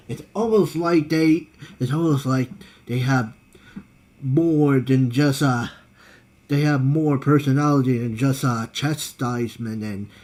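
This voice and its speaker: A man co-hosting a casual podcast chat, halting and often searching for his words. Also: medium pitch, a little mellow. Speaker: podcast co-host.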